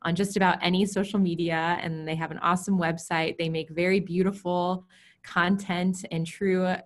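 A woman's voice: on the low side, level tone, normal speed. A woman moderating a panel, upbeat, thanking the panelists and closing the session with frequent filler sounds over a video call. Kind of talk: closing remarks.

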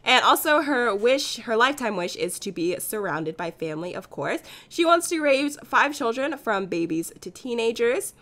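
Hoarse, bubbly young woman gaming host. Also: fairly high pitch, sing-song, normal speed, few pauses, fairly bright tone. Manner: bubbly, chatty, gushing. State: hoarse from a sore throat. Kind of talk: casual let's play commentary.

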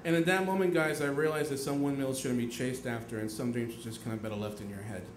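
A young man telling a personal story on stage, animated, swearing and acting out his own outbursts. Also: medium pitch, fast, slight background noise. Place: theater stage. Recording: echoey stage with faint audience ambience.

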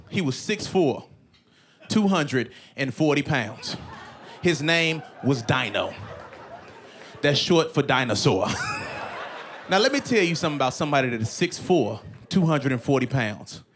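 A man doing stand-up comedy in an animated way, often breaking into shouts and laughter. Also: on the high side.

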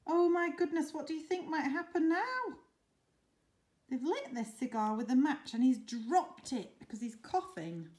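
Expressive woman reading to children. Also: on the high side, unhurried. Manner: expressive, asks children questions. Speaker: teacher reading a story. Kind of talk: children's story time reading.

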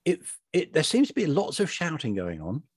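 A man with a slightly husky voice talks through a Bible story in casual conversation, his pitch rising and falling a lot. He thinks aloud, restarts sentences and chuckles now and then. The recording is dry and close. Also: huge pitch swings, normal speed, darkish tone, no echo. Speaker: podcast co-host. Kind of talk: casual discussion of a Bible passage.

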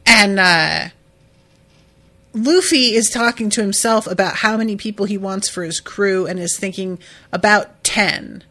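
A woman's voice: mid-range voice, normal speed, fairly bright tone. A woman hosting a podcast who recaps an episode in a casual, emotional, chatty way, swearing now and then. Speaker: podcast host.

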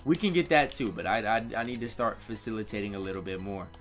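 A man's voice: fairly low pitch, quick pace, music in the background. A man giving live commentary over his own video game, cheering and talking to the players on screen. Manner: excitable, talks to players on screen. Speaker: gaming YouTuber.

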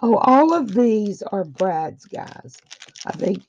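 Slow, gravelly-voiced woman gushing over a gift. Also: medium pitch, sing-song, a little mellow, a little hiss or hum. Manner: gushing, effusive praise. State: dry throat. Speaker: craft vlogger opening happy mail. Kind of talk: casual unboxing chat. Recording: dull lo-fi audio.

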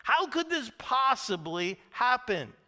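Animated preacher man, bright clear voice. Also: extremely high pitch, takes it slowly. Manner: animated storytelling, acting out screams and cries; drops to hushed tones at solemn points. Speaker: pastor. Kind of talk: sermon.

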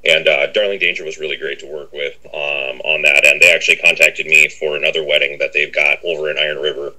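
Very deep, bright-toned rambling man. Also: level tone, quick pace, rough recording. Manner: rambling, with many fillers and a habit of repeating "on that end". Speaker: interview guest. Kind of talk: casual interview talk.

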